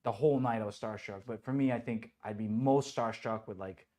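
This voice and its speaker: A man who voices a superhero, chatting as an interview guest in an office, telling lively stories, acting out what people said and laughing often. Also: on the low side, a little fast. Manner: animated storyteller who acts out quotes and laughs often. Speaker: voice actor guest. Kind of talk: casual interview chat. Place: indoors at a toy company office.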